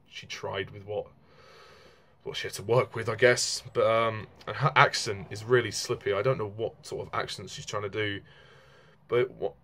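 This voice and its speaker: A man's voice: lowish voice, fairly bright tone. A young man talking casually through a film review, frank and rambling, with lots of fillers and restarts.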